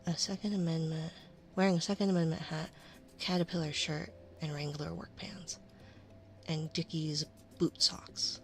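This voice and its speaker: A woman streamer chatting casually in an ASMR stream, rambling and often dropping into a soft whisper. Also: low voice, little pitch movement, moderate pace, soft background music. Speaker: VTuber streamer.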